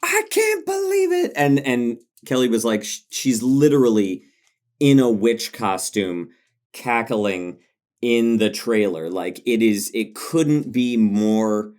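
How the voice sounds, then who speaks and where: A man's voice: fairly low pitch, slow, darkish tone. A man co-hosting a podcast, talking in a hesitant, stammering way and laughing easily. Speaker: podcast co-host. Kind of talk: casual chat.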